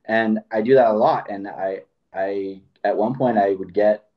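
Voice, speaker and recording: A man with a fairly low voice talks in a loose, rambling way, often slipping into quoted dialogue. The recording sounds dull and lo-fi. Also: fairly even intonation, a little slow. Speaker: podcast host. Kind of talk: casual conversation.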